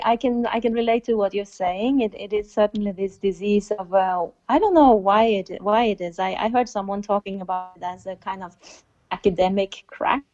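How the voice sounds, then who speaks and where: Woman, philosophy teacher, mid pitch, thoughtful and repetitive, muffled lo-fi sound. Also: darkish tone. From Norway. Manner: thoughtful, repeats herself for emphasis. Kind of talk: conversational interview. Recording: dull lo-fi recording.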